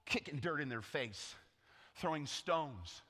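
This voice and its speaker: Animated man preaching a sermon. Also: a little high, takes it slowly. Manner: dramatic storytelling with call-and-response. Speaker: pastor. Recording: echoey hall.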